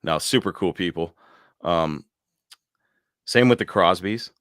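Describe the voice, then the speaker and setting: A man hosts a live car podcast in an easygoing, excitable way, breaking into laughter often. His voice sits very low. The sound is close and dry. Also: unhurried, dry recording. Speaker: podcast host. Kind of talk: casual live-stream chat.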